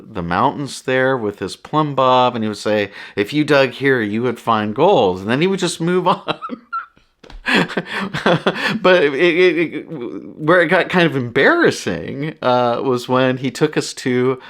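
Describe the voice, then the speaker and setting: A man's voice: mid-range voice, expressive, measured pace, a bit bright. A man hosting a podcast, telling personal stories in a casual, rambling way full of asides. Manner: conversational, rambling anecdotes with many asides. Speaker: podcast host. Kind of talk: casual storytelling monologue.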